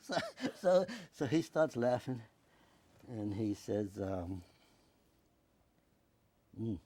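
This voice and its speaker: A man's voice: medium pitch, a little slow, long pauses, dry recording. An older man from the United States with a New York accent, recounting memories in an oral history interview and acting out other people's words. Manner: animated, acts out voices in quotes. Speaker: veteran interviewee.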